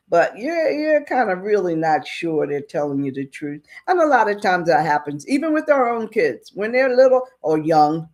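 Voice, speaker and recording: A woman's voice: low-pitched, a little mellow. A woman casually retelling a western story in a chatty way, with asides to the listener.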